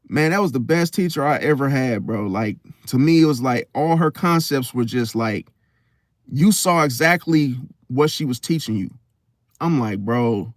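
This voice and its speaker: Animated young man telling a story. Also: a little high, no echo, clean studio sound. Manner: animated storytelling, slangy, swings loud and soft. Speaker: host. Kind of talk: casual talk to camera.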